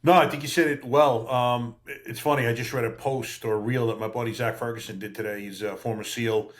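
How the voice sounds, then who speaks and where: A man's voice: mid-range voice, fairly even intonation, a little fast. A man in his fifties, a retired cop, reflecting frankly in casual podcast chat and swearing now and then. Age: 50s. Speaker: podcast guest, retired police officer.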